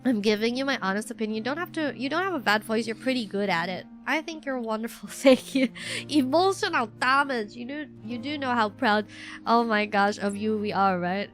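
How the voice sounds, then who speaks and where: A woman's voice: a little high, lively intonation, brisk, a bit bright. A young adult woman chatting on a casual stream, rambling and self-deprecating with lots of fillers. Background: faint music.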